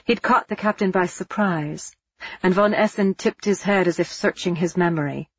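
Low, husky woman narrating a novel. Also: normal speed, no echo, muffled recording. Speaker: audiobook narrator. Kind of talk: scripted narration.

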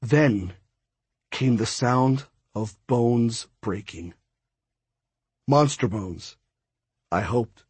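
A man narrates an audiobook in steady first-person storytelling. His voice is husky and middle-pitched. The sound is dry, with no room echo. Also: very slow, long pauses.

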